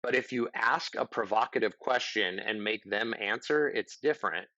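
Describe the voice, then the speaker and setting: A man's voice: on the low side, moderate pace, sharp tone, no echo, dull audio. A middle-aged man giving casual, earnest advice as a podcast guest, rambling and acting out example conversations.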